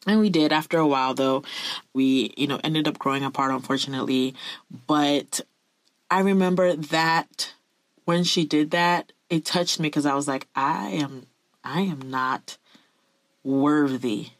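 A woman's voice: deep voice, measured pace, dry recording. A woman telling a personal story to her viewers in an earnest, confessional way. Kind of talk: candid personal storytelling to camera.

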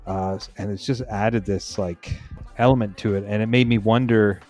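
A man hosting a casual album discussion, talking in animated bursts and interrupting himself often. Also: lowish voice, normal speed, faint music behind. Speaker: podcast host.

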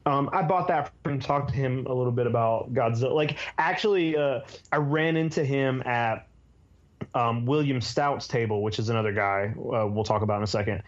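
A man co-hosting a podcast, talking in a hesitant casual way with many pauses and ums. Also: medium pitch. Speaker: podcast co-host. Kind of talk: casual chat. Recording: slightly dull sound.

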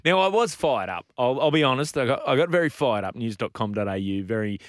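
Middle-aged Australian male radio host, lively pitch, dry studio sound, quick to laugh and rant. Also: no echo. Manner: animated, gets fired up, laughs often. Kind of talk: casual radio banter. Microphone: studio microphone.

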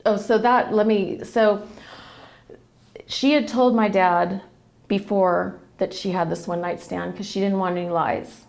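A woman's voice: medium pitch, fairly even intonation, a little slow, gravelly, a little mellow. A woman, a podcast guest, recounting a family story casually and acting out the quoted dialogue as she goes.

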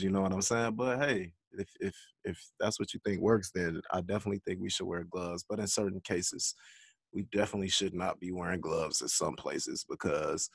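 Gravelly low-voiced man in a dry room. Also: no room sound. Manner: laid-back, laughs along, chimes in. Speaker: podcast co-host. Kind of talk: casual chat.

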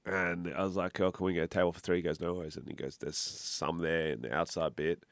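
A man's voice: deep voice, quick pace, no room sound. A man co-hosting a podcast, telling stories casually with laughs and swearing. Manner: laughing, swearing, animated storytelling. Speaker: podcast co-host. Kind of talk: casual chat.

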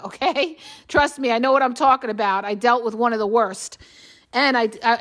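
A woman's voice: high voice, a bit bright. A middle-aged woman hosting a podcast, talking bluntly and with emphasis as she keeps checking in with "okay?". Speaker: podcast host and relationship coach. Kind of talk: casual monologue.

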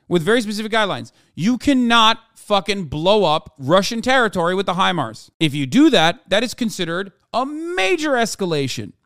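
A male streamer in mid-rant, sarcastic and profane, switching between quick read-outs of news articles and heated commentary. His voice is fairly high and smooth, with a crisp resonance. The sound is dry and close, with no room echo. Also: fairly bright tone. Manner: reads chat comments aloud; fast when reading articles. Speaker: political streamer. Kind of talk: live-stream commentary, reading news aloud.

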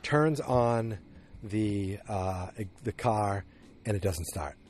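A man's voice: lowish voice, slow, a little mellow, slight background noise. A man hosting a podcast, retelling a TV episode in a casual, meandering way with many restarts and fillers. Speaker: podcast host recapping a TV episode. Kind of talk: casual recap monologue.

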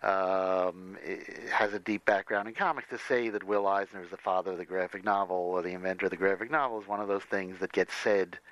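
Low-voiced man rambling on comics history. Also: fairly even intonation, fairly quick, hardly any pauses, a bit bright, no echo, lo-fi sound. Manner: rambling, many restarts and fillers. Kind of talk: casual conversation.

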